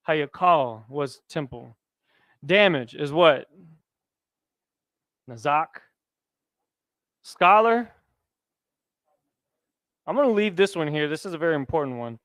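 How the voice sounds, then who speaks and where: A man leads a classroom lesson in a relaxed, conversational way, tossing questions to his students. His voice sits a bit high and comes across smooth and clear. The recording is dry and close. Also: no echo. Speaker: Hebrew teacher.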